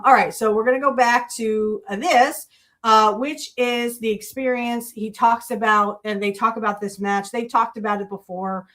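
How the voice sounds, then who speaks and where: Female podcast host, chatty and rambling, filler-heavy, mid-pitched. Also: a bit bright. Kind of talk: casual podcast talk.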